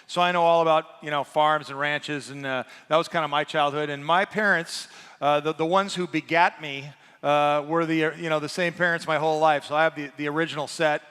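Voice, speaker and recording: A man's voice: on the high side, steady tone, a little fast, pushed and bright, clear, resonant tone. A man in his sixties from rural eastern Washington, preaching as co-pastor with a folksy, joking, self-deprecating manner. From eastern Washington, USA. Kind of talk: sermon. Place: church sanctuary. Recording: long reverb from a church hall.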